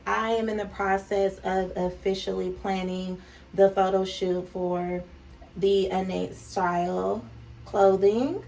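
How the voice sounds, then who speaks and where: Doing her makeup on camera, this vlogger and clothing brand owner from California, in her thirties, talks openly and addresses viewers as "child", "baby" and "honey". She has a gravelly, darkish mid-range voice, recorded on a slightly distant mic with faint background noise.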